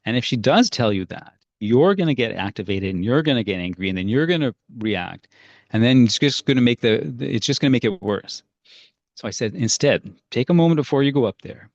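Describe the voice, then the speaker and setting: A man's voice: mid-range voice, animated, brisk, gravelly, dry recording. Man teaching in a dry, dull recording. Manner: conversational, storytelling, frequent fillers and restarts. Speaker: parenting workshop leader. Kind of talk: casual workshop teaching.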